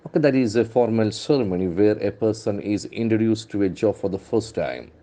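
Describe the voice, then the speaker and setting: This English trainer, speaking with an Indian English accent, pulls words from newspaper headlines and repeats them slowly, spelling each one letter by letter. His voice is lowish and dark, with lively intonation.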